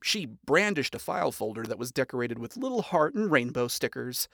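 A narrator reading fan fiction aloud in an expressive, storytelling manner. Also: mid-range voice, a little fast, gravelly, dry recording, studio quality.

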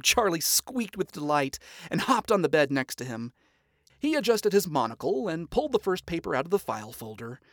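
A narrator reading fan fiction aloud in an expressive, storytelling manner. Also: mid-range voice, moderate pace, no echo, studio quality.

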